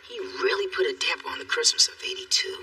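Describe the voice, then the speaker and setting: A man's voice: fairly high pitch, fast, sharp tone, no room sound, recorded from a distance. An actor playing an easygoing young man who makes light jokes in a sitcom. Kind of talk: sitcom acting.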